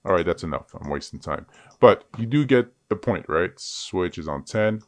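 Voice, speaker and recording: A man's voice: low voice, expressive, normal speed, a little hiss or hum. A man teaching 3D character rigging in a screen-recorded tutorial, chatty and joking at himself as he works. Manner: chatty, self-joking asides. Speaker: 3D rigging instructor.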